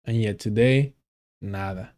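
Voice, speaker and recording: Dark-voiced male streamer, casual. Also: fairly low pitch, measured pace. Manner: casual, swears, stumbles over names and restarts. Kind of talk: live-stream commentary, reading an article aloud.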